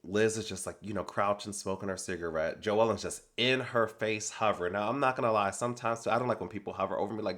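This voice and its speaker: A man talks through a reality TV episode in a slangy, sassy manner. His voice sits a little low. He stays animated and opinionated the whole way through. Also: fast talker, hardly any pauses. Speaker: reality TV recap host. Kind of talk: casual reality TV recap commentary.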